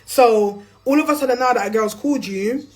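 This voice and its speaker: A woman's voice: a little high, fairly quick. A young woman with a London accent telling a story on a livestream in a blunt, profane, slangy way. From England. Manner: blunt and profane, slangy, animated with bursts of laughter. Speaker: influencer on a livestream.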